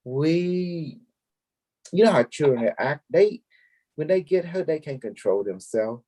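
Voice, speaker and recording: A man's voice: on the high side, animated, measured pace, mellow. Rambling man. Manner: rambling, repeats words, mixes languages. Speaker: group leader. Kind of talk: casual spiritual talk to followers.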